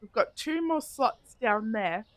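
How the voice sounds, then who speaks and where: A woman's voice: fairly high pitch, expressive, a little slow. A woman live-streaming a game, chatting casually with viewers, giggling often and thinking aloud as she plays. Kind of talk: casual live-stream chat while playing.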